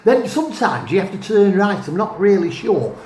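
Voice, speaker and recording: Brief: a man doing a bumbling Stoke-on-Trent local, high-pitched, unsure, rambling, echoey room. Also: sing-song, moderate pace, mellow, a little hiss or hum. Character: muddled local man giving confused directions.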